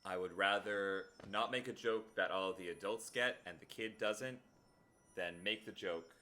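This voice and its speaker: A man live-streams a video game, chatting casually and talking earnestly and straight to his viewers. His voice is deep and sharp in tone, and he keeps a measured pace.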